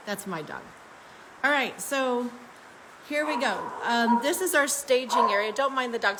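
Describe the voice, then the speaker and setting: A woman's voice: fairly high pitch, lively intonation, measured pace, heavy background noise. A woman chatting casually on a live stream, upbeat and friendly, greeting viewers by name and laughing often as she shows off her home craft room. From Arizona, United States.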